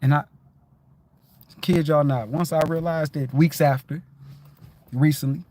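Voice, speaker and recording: Animated, swearing man with a raised voice. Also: a little high, a little slow. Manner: animated storytelling, swears freely, repeats himself. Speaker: livestream host. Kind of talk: casual spiritual livestream talk.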